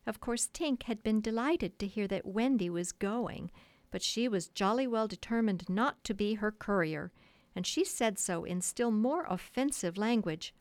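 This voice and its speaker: In a dry, close studio recording with no echo, a woman narrates a children's classic for an audiobook. Her mid-range voice carries the scripted story in a measured, expressive way.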